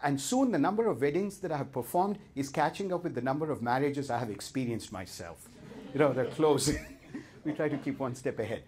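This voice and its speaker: Here the Indian-accented seminar leader, a middle-aged man, uses a medium-pitched, slightly mellow voice that's animated and a little quick. His live talk stays playful and self-deprecating, aimed right at the audience.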